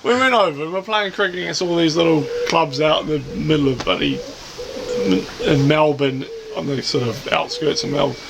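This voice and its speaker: A man's voice: on the high side, fairly quick, vocal fry, over a noisy crowd. A man from New Zealand with a New Zealand accent, chatting casually in a beer garden and acting out quotes as he tells stories. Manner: storytelling, acts out quotes. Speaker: guest. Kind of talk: casual chat. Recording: noisy outdoor ambience with birds.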